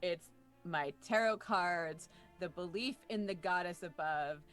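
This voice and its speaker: Woman role-player, slow sarcastic delivery, breathless, low voice, faint music behind. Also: a bit bright. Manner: sarcastic, joking to cope. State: short of breath, gasping. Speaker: tabletop role-playing player. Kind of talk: in-character role-play banter.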